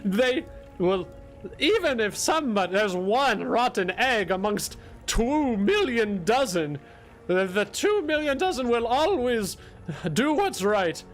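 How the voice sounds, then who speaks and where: A man voicing a gullible, gushing noblewoman in a falsetto. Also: big pitch swings, takes it slowly, soft background music, exaggerated voice. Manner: shrill, effusive falsetto.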